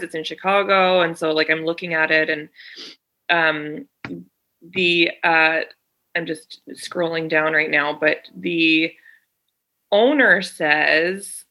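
A woman's voice: lowish voice, slow pace. A woman, chatting casually and acting out a story with lots of swearing. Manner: animated, swears freely, acts out dialogue.

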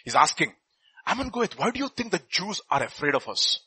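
A man delivering a sermon with a high, lively and husky voice. He reads scripture and swings between loud bursts and quiet asides, with a bright edge throughout. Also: a little fast, poor audio. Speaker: preacher.

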